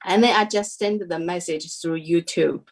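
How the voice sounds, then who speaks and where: A woman's voice: fairly low pitch, moderate pace, low-quality recording. A woman in her thirties telling her story as an interview guest, hesitant and full of fillers, with non-native phrasing. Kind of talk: personal testimony in an interview.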